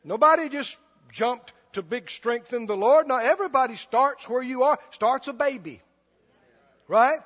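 Male preacher, high voice, emphatic and repetitive, long hall echo on a muffled recording. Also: measured pace, a bit bright. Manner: emphatic, repetitive, laughs often. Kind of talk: sermon.

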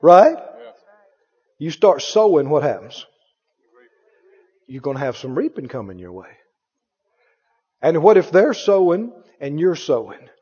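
A man's voice: very animated, unhurried, pauses often, warm tone, slightly rough, long reverb tail, highs cut off. A man preaching a sermon with an emphatic, repetitive delivery, firing rhetorical questions at his congregation. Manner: mimics others in a higher voice.

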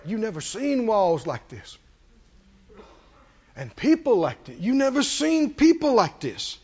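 High, animated man preaching a sermon. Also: slow, long pauses, slightly rough, dull audio. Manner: dramatic swings from shouts to hushed tones.

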